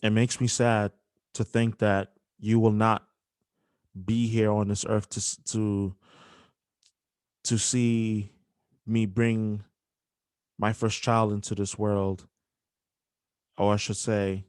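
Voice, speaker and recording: A young man hosting a podcast, speaking emotionally with halting restarts and apologies. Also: fairly low pitch, little pitch movement, darkish tone, smooth, no echo, clean studio sound. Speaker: podcast host. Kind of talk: emotional podcast dedication and interview.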